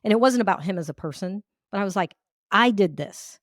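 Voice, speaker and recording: A woman leadership coach of Cuban heritage, a guest on an interview, telling personal stories in an animated way and acting out her own thoughts. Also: medium pitch, brisk, dry recording, clean studio sound. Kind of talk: storytelling in an interview.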